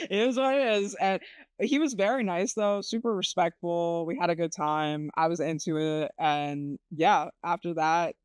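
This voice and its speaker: A man co-hosting a podcast conversation, with a somewhat high pitch for a man. He tells personal stories candidly and scatters fillers through his speech. His voice sounds dry, with no room echo. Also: clear, resonant tone. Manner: candid storytelling with frequent fillers. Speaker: podcast co-host. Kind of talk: casual chat.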